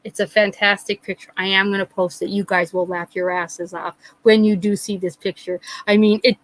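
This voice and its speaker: A middle-aged woman hosts a live chat, telling a story in a casual, animated way and acting out the voices of the people she quotes. Her pitch is medium, her pace moderate, and the audio quality is poor.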